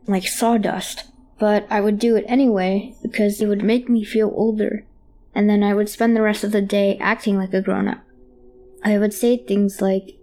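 Mellow-voiced woman reading a hushed horror story. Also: mid-range voice, little pitch movement. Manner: halting and hushed, childlike phrasing. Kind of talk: first-person horror story narration.

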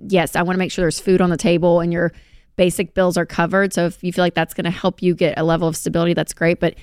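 A woman with a Southern US accent co-hosting a call-in advice show, speaking gently and reassuringly. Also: on the low side, flat delivery, fast talker, smooth, no echo, clean studio sound. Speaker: co-host giving advice. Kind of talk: radio call-in advice talk.

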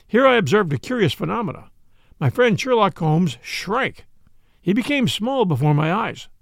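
Guy reading a story aloud, theatrical, gravelly, very dry close sound. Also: sits high, big pitch swings, moderate pace, dry recording. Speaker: podcast reader. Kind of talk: scripted storybook narration.

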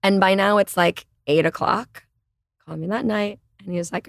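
A middle-aged woman, a podcast guest, telling a story in casual chat and acting out the quoted lines with lively energy. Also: medium pitch, normal speed, vocal fry, no echo, studio quality. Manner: animated storyteller, acts out quoted dialogue.

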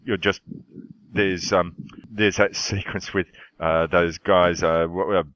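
Deep-voiced man rambling on a podcast. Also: fairly even intonation, a bit bright, no echo, dull audio. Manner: rambling, halting, many restarts. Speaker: podcast host. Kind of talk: casual film discussion.

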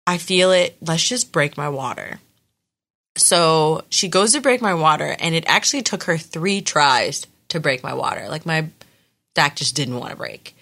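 Young woman guest, lively storyteller, bright forceful voice, slightly low pitch. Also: a little slow. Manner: animated storytelling with many fillers. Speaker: podcast guest telling her birth story. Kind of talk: casual chat.

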